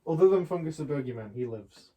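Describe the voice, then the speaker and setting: A man's voice: on the high side, lively intonation, quick pace, warm tone, lo-fi sound, slight background noise. A young man from England chatting casually, retelling a shop argument in a rambling way. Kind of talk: casual chat, storytelling.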